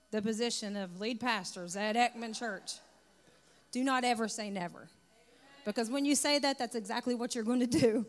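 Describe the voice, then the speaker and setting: A woman pastor sharing her testimony conversationally, reading from typed notes. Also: fairly high pitch. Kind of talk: sermon testimony.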